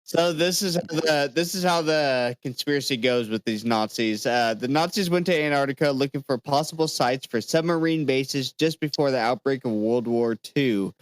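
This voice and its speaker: A man's voice: medium pitch, normal speed, few pauses, dry recording. A man co-hosting a casual podcast, telling a conspiracy story with jokes and swearing. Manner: joking, profane, storytelling. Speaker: podcast co-host presenting the topic.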